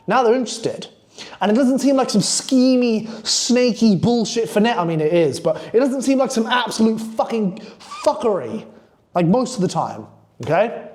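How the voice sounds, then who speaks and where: A man's voice: high voice, expressive, moderate pace, a little mellow. A man coaching on copywriting in a blunt, profane, hyped-up casual monologue.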